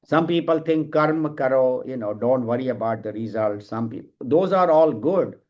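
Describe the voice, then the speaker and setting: A middle-aged man giving a calm, explanatory scripture class and now and then telling a light joke. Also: mid-range voice, normal speed. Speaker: spiritual teacher. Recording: dull lo-fi sound.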